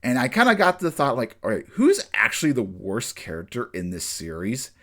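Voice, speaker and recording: This anime episode reviewer speaks casually in a mid-range, sing-song voice with a fairly bright tone. He rambles, fills gaps with fillers, restarts sentences frequently, and acts out characters' lines in brief, quick bursts.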